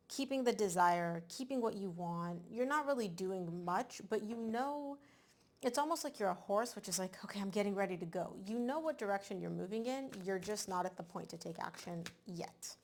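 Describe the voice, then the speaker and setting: A woman giving a casual tarot reading to camera, animated and emphatic, often repeating words for stress. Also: mid-range voice, creaky. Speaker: tarot reader.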